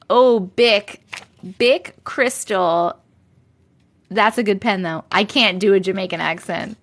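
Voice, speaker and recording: A woman's voice: medium pitch, lively intonation, slow pace. A woman from Long Island with a New York accent, hosting a rambling, chatty live stream and laughing often. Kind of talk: casual live-stream chat.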